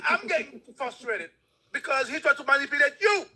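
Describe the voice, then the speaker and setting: Sex: man. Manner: very high, bright, excited. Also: fairly quick. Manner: excited, supportive, repetitive. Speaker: guest on a call-in chat.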